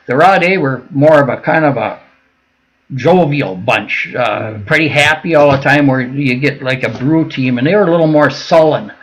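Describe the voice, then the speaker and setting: A medium-pitched, fairly bright voice belongs to this older Minnesota veteran, heard in poor audio. As a guest in a casual storytelling interview, he drifts through long stories, often using fillers and starting over.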